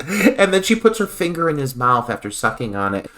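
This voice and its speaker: A man's voice: mid-range voice, sing-song, moderate pace, sharp tone, slight background noise. A man co-hosting a film podcast who recaps scenes analytically and laughs often. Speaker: podcast co-host. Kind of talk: casual film review chat.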